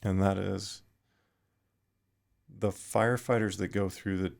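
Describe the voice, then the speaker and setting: Low in pitch and heavily gravelly, a middle-aged retired firefighter talks thoughtfully as a podcast guest. He speaks in a flat, even manner with little pitch movement. His sentences often stall and restart amid pauses.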